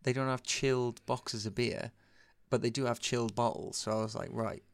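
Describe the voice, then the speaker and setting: A man's voice: mid-range voice, fairly even intonation, a little fast, clear, resonant tone, no echo. A man co-hosting a podcast, joking and swearing in a casual chat while a few beers in. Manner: joking, tipsy, swears freely. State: a bit drunk. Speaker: podcast co-host.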